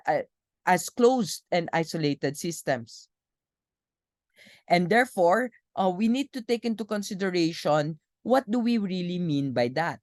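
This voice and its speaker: A woman with a Filipino accent delivers a university philosophy lecture at an unhurried pace, in a somewhat low voice. She speaks in a measured way, reading passages aloud with the odd filler. The recording is dry and close, with no room sound. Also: animated, a little mellow, no echo.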